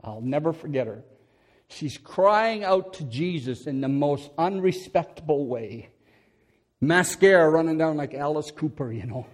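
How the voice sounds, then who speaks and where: A middle-aged preacher tells a sermon story in a church, his voice pitched a little above the usual for a man. He laughs as he goes and acts out what others said, rising to loud bursts and then dropping low and quiet. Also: animated, unhurried.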